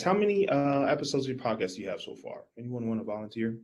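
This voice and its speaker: Man, business coach, live workshop talk, energetic, very lively pitch, mid-range voice. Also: fast, a little hiss or hum. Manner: energetic, animated, talks straight to the audience.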